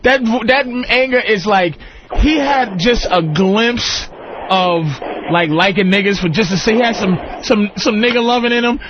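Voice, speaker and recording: A man trading profane, animated stories as a guest on a radio talk show. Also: sits high, moderate pace, background noise. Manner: profane, animated storytelling with put-on voices. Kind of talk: casual radio banter. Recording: dull lo-fi radio broadcast.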